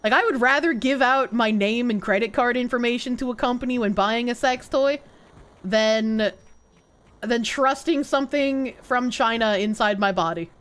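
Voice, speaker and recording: A woman's voice: on the high side, normal speed. A young woman streaming a video game live, chatting casually and crudely with her viewers and joking as she plays. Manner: casual, profane, joking with chat.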